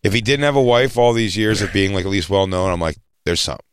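A man's voice: lowish voice, fast, clear, resonant tone, no echo. A man hosting a comedy podcast, making mocking, profane jokes in casual banter.

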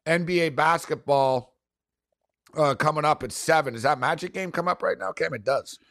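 A man hosts a casual sports betting talk, rambling through his picks with plenty of fillers and restarts. His voice sits a bit high for a man. The recording is dry and close. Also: normal speed, fairly bright tone, no room sound. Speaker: sports betting show host.

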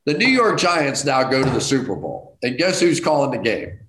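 This guest, a middle-aged man, speaks at ordinary speed while telling an offhand story at his own expense, lively and prone to excited high outbursts. The sound is echoey and roomy.

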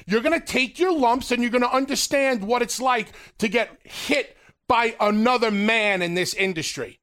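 A man voicing a gruff veteran male wrestler who taunts a rookie in a matter-of-fact way, quoted in a story. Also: very high-pitched, moderate pace, bright, forceful tone. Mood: menacing.

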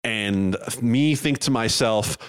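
A man's voice: lowish voice, takes it slowly, smooth. A man co-hosting a podcast in casual chat, rambling and joking with plenty of fillers. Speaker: podcast co-host.

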